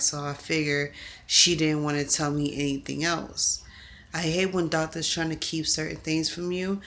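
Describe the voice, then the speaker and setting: A woman talking through a personal confessional vlog, upset and halting, often repeating herself. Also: sits low. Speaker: vlogger.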